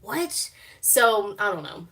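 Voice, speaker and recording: A woman's voice: mid-range voice, a little slow. A young woman chatting casually on a live stream, laughing a lot, swearing freely and full of fillers. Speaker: streamer reacting to a TV show. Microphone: phone.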